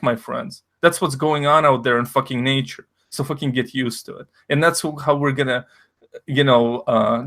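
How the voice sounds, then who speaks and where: A man's voice: medium pitch, fairly bright tone. A man whose first language is Russian, hosting a stream in a rambling, profane, jokey way. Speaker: stream host. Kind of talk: casual stream chat.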